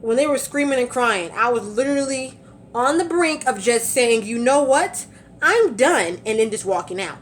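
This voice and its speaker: A woman's voice: fairly high pitch, expressive, moderate pace, a little hiss or hum. A young woman vlogging from her car, chatting casually, a little out of breath, with lots of fillers and laughs. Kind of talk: casual storytelling vlog.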